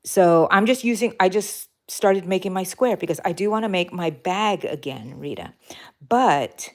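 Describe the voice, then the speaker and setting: Chatty woman hosting a crochet livestream. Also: mid-range voice. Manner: chatty and warm toward viewers, rambling with fillers and self-corrections; talks while crocheting. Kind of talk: casual live-stream chat reading out viewer comments.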